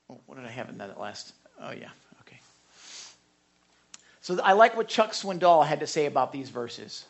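A man with a fairly high voice preaching a Bible sermon. His delivery is casual and talky, with sudden lively bursts when he acts out what someone might say. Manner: conversational, animated when acting out quotes. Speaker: pastor.

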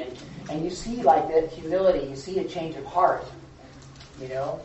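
A man's voice: fairly high pitch, fairly even intonation, normal speed, mellow, slight background noise. A man preaching an informal sermon, telling stories dramatically and checking in with his listeners in a conversational way. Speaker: preacher, Bible teacher. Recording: echoey, distant, dull room recording.

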